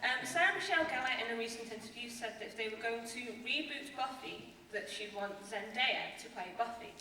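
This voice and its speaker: A woman's voice: on the high side, animated, brisk, sharp tone. A woman fan asking a guest a question at a convention panel, eager and a bit nervous. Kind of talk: audience question. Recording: echoey hall, far from mic, light noise.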